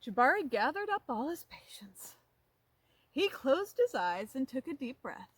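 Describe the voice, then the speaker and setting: Animated woman reading a story to kids. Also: sits high, measured pace, slightly rough, dry recording. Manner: animated, asks children questions. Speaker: storytime reader. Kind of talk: reading a picture book aloud to children.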